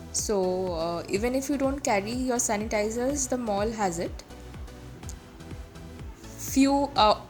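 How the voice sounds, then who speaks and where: Friendly Indian-accented woman vlogger, talkative and loose, over faint background music. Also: a little high. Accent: Indian English. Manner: chatty, friendly, with frequent uh fillers. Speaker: food and lifestyle vlogger. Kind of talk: casual vlog narration.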